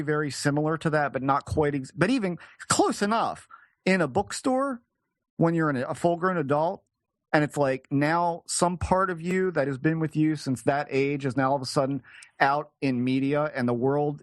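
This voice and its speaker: A male podcast guest recounting a personal experience, halting and searching for words with frequent restarts. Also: on the high side, dry recording.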